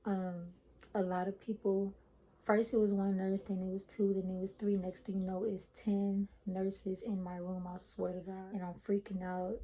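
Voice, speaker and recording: A young woman vlogger chatting casually to her viewers, retelling a personal story in an animated way. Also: mid-range voice, moderate pace, poor audio.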